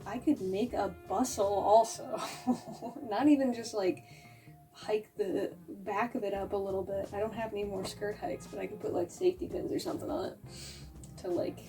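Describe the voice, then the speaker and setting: A woman talks through her craft project in a loose, rambling vlog style, cursing now and then. She sounds a little out of breath, and her voice sits at an ordinary middle pitch. Soft music plays faintly behind her. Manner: rambling, self-deprecating, swears casually. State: often out of breath. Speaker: vlogger. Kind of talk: casual vlog chat. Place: at home crafting, later outdoors on a walk.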